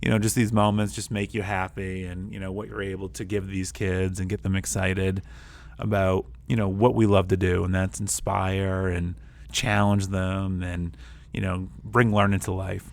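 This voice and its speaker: A male STEM teacher and co-host. He talks in a casual, energetic way, telling classroom stories and acting out what he said. He is recorded in a school STEM lab. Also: low-pitched, moderate pace, gravelly. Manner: energetic storyteller who acts out his own quotes. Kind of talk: casual chat.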